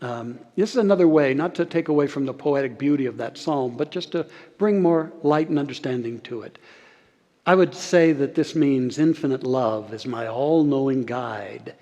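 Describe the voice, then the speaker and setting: A man preaching a sermon as pastor, earnest, slowing and softening on key phrases and leading the congregation in saying lines back. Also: a little high, lo-fi sound. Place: church sanctuary. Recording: long hall reverb.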